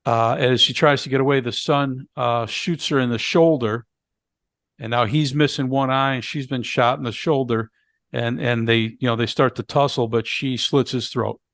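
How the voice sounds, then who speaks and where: A man's voice: mid-range voice, steady tone, normal speed, fairly bright tone, no room sound, studio quality. Man recapping a horror film plot. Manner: retells plot step by step with fillers. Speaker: podcast co-host. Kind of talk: casual movie review chat.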